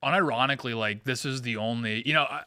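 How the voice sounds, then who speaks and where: A man with a very bright, sharp voice rattles off rambling anecdotes on a podcast panel. He talks fast, laughs often, and strings his thoughts together with lots of "like.". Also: medium pitch. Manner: rambling, laughing, full of "like" fillers. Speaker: podcast co-host. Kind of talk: casual panel chat.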